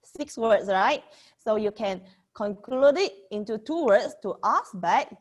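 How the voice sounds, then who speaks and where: Woman teaching Mandarin, bright-voiced. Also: on the high side, lively intonation. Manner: explains slowly, repeats example sentences, frequent "okay?" checks. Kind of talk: online language lesson.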